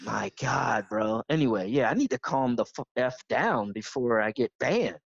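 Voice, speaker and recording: A man phones in to a live stream, all worked up and rambling through his story in excited bursts. His voice comes through a dull, dry, muffled line. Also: medium pitch, normal speed, vocal fry, dry recording. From Florida. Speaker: caller.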